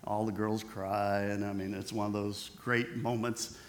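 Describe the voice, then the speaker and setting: A man's voice: lowish voice, little pitch movement, a little slow. A man preaching a sermon as pastor, emphatic and repetitive, building intensity on key phrases. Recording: echoey church hall.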